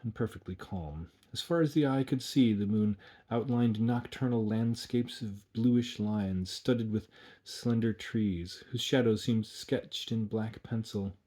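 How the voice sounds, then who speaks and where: A man narrating a dark old storybook aloud, measured and hushed. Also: lowish voice.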